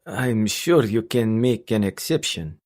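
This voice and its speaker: A man's voice: on the low side, animated, a little slow, darkish tone. A man voicing a cold, pragmatic Russian crime boss who speaks in a restrained, unemotional way, with a heavy Russian accent. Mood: insistent.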